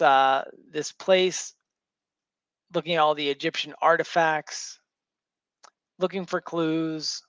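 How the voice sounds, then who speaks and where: A man's voice: on the high side, a bit bright, clean tone, no echo, highs cut off. A man hosting a comic book show, casually retelling a story with lots of fillers and restarts. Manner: rambling, filler-heavy retelling.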